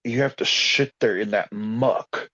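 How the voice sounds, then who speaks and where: A man with a low voice rambles along in loose, folksy speech, using informal grammar as he chats about healing. The recording sounds dull and lo-fi. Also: a little slow, pushed and bright. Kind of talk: casual spiritual conversation.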